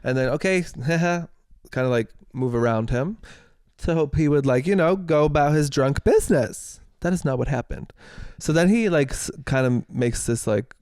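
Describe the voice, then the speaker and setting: A young man co-hosting a podcast, telling a story in casual chat, animated, laughing and swearing freely. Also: on the high side, moderate pace, clean tone, no echo, studio quality. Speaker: podcast co-host.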